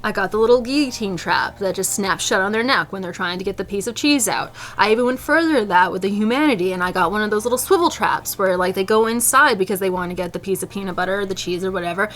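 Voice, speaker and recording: Animated woman telling a comic story. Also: medium pitch, quick pace, few pauses. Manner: animated, theatrical, playfully indignant. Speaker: vlogger.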